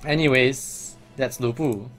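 A man's voice: mid-range voice, slow pace, a bit bright, soft background music. A man giving casual, chatty commentary as a gaming vlogger, laughing often.

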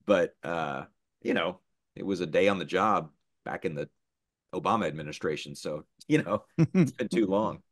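A middle-aged man, a voice actor, chatting casually in an interview and telling lively stories. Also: low-pitched, normal speed. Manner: animated storyteller, slips into character voices. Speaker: voice actor guest.

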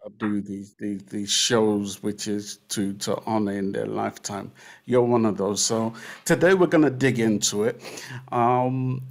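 A man's voice: fairly low pitch, fairly even intonation, measured pace, vocal fry. Effusive man hosting a podcast. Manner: effusive, repeats words. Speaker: podcast host. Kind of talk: casual radio interview.

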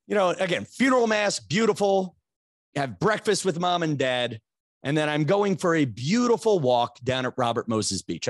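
A man's voice: on the high side, dry recording, clean studio sound. A man, hosting a podcast and telling a rambling comic story, self-mocking and building to exasperated outbursts. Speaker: podcast host.

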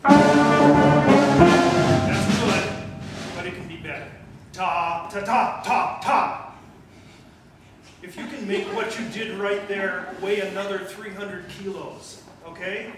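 High-voiced man coaching a band. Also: measured pace, long pauses, loud music behind the voice. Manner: coaching, encouraging, sings note syllables. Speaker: guest band conductor. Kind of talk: band rehearsal instruction. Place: school band rehearsal room. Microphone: distant room mic. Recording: echoey room from far off, noisy.

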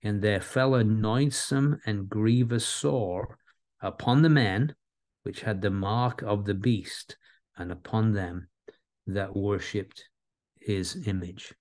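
Low-voiced man preaching a Bible sermon. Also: takes it slowly, darkish tone. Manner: earnest, repeats key words, varies his pace for emphasis.

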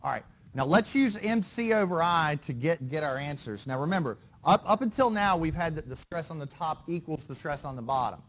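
A man's voice: fairly high pitch, animated, fairly quick, hardly any pauses, a bit bright. Man lecturing, checking in with students. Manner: conversational, quizzes students with frequent "right?" and "okay?". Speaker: engineering lecturer. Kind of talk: university lecture. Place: lecture hall.

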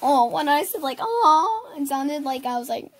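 A young woman with a hoarse voice chatting casually as she scrolls through pictures, cooing over the cute ones. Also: high-pitched, fairly even intonation, fairly quick, darkish tone, no echo. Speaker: vlogger. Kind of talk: casual screen tour.

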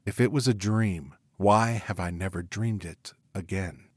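A man reading a story aloud as its narrator, in a measured, earnest way. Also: low voice, darkish tone, breathy edge, no echo, studio quality. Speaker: audiobook narrator. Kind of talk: scripted narration.

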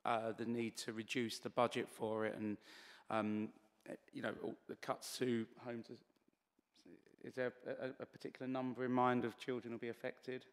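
A man's voice: mid-range voice, little pitch movement, moderate pace, in a large hall. A man questioning as a councillor at a committee meeting, hesitant and slightly losing his voice. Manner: hesitant, many fillers and restarts.

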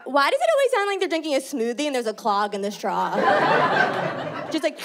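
A young New woman, loud and brash as she talks her way through a stand-up set. Her voice sits high and carries over a handheld mic, with the noise of a live room underneath. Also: huge pitch swings, fast. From New York. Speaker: stand-up comedian. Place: stage before a live audience.

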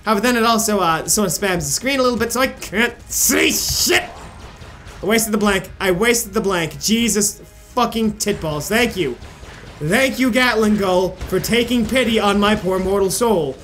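A man commentating his own gameplay, frustrated and swearing, with sudden yelling outbursts. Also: sits high, animated, moderate pace. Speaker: gaming video creator. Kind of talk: casual let's play commentary. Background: game music.

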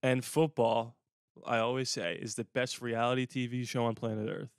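Smooth-voiced male podcast host. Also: mid-range voice, level tone, normal speed, no echo, clean studio sound. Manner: jokey, breaks into a mock radio voice. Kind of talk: casual sports podcast chat.

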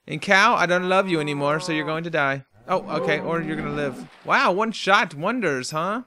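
A man's voice: on the high side, normal speed, noisy background. A young man from North Carolina, rambling and joking through casual let's play commentary of a block-building game. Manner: rambling, jokey, talks to his game animals. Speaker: gaming host.

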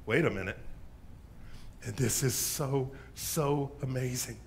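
A male pastor preaching a sermon in church, telling the story dramatically, swinging from loud bursts to hushed asides. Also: mid-range voice, slow, creaky, long pauses, a little hiss or hum. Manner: animated storyteller, dropping to hushes.

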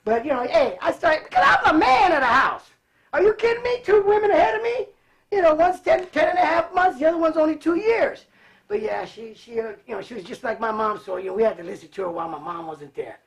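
Animated high-voiced man telling stories. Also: fast talker, gravelly. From Cleveland, raised in California. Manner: animated, laughs often, acts out voices. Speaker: guest. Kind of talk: casual storytelling.

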